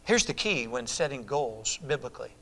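A man preaching a sermon emphatically, repeating words and phrases, swinging between loud exclamations and hushed, near-whispered lines. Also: medium pitch, expressive, moderate pace.

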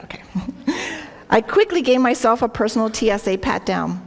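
A woman's voice: a little high, big pitch swings, normal speed, gravelly. A woman speaking earnestly to a women's group, telling a story and reading scripture, often turning to her listeners with questions. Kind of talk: devotional talk with anecdote and scripture reading. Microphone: wearing a worn microphone.

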